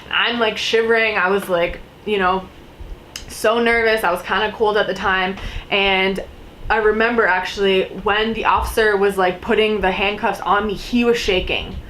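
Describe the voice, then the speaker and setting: A young woman tells a personal story to her camera in a loose, chatty way, her sentences stacked with "like" and "you know". She slips into a higher pitch whenever she acts out someone's lines. A faint hiss sits under her voice. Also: moderate pace, poor audio. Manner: animated storytelling, acting out quotes in a higher voice; filler-heavy, lots of "like" and "you know". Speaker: vlogger. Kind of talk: casual storytime.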